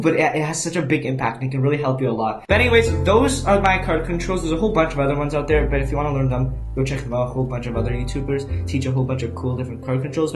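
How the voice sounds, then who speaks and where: A young man teaching card sleights in a casual, rambling way, often restarting and correcting himself. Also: on the high side. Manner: rambling, self-correcting, many restarts and ums. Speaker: magic tutorial host. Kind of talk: casual instructional walkthrough. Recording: echoey room.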